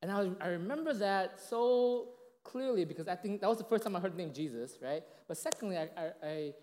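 Chatty pastor in a reverberant hall. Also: male voice, lively intonation, a little fast, darkish tone, a little hiss or hum. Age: late 30s. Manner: casual, chatty, heavy on fillers and 'you know', 'right?'; acts out quoted voices with big pitch jumps. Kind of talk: conversational sermon storytelling. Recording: long reverb of a large hall.

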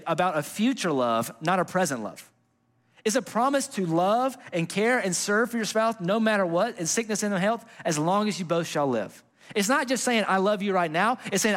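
A young man preaching a sermon with a fairly high voice. He talks in a loose, conversational way, full of fillers, restarts and asides, as if chatting with the congregation. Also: a bit bright. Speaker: pastor.

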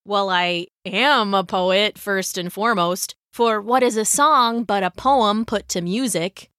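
A woman's voice: medium pitch, measured pace, pushed and bright, no room sound, studio quality. A woman voicing a cheerful young male musician and poet. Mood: cheery. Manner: cheerful, light.

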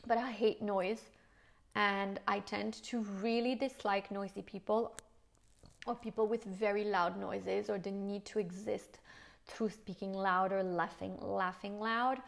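Creaky and mid-range, her voice stays fairly even and unhurried. The middle-aged French woman, who has a French accent, hosts a casual solo podcast, speaking frankly, swearing casually and mixing in French phrases.

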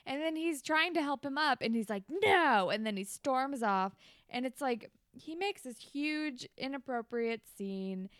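A woman's voice: high-pitched, expressive, unhurried, smooth, dry recording, clean studio sound. A woman co-hosting a podcast, recapping episode plot and laughing along. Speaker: podcast co-host. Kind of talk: casual podcast chat.

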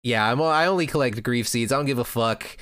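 A man's voice: mid-range voice, a little fast, fairly bright tone, smooth, no room sound, natural voice. A man voicing a brash, selfish teenage girl fighter, talking offhand and crude. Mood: dismissive.

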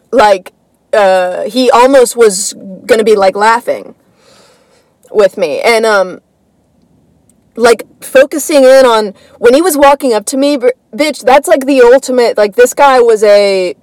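A woman's voice: on the high side, a little mellow, dry recording, low-quality recording. A woman hosting a comedy podcast, telling a casual story in a rambling way full of fillers and swearing. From United States.

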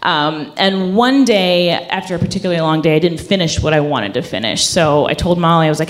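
A woman telling a true story on stage at a coffeehouse show, chatty and loose, with lots of "like" and "um" fillers. Her voice sits a little low for a woman. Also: animated, brisk, hardly any pauses, a little hiss or hum. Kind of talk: live personal storytelling.

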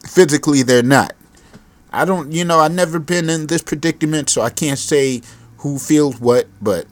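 A man's voice: mid-range voice, dry recording. A man hosting his own podcast, ranting on his own in a profane, exasperated, rambling way; he is a parent. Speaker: podcast host. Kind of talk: solo podcast rant.

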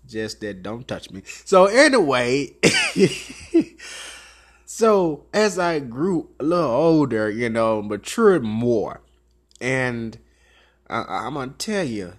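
A man in his thirties hosting a talk show, telling a story in a casual, animated way and laughing often between lines. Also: mid-range voice. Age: 30s.

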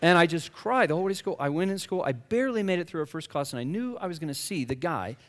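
A man tells a personal faith testimony with a lively voice that swings high and low, acting out his own words as he goes. He sits a little high in pitch, and his voice carries a long hall reverb. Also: quick pace. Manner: animated storytelling, acts out his own past lines. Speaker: guest speaker.

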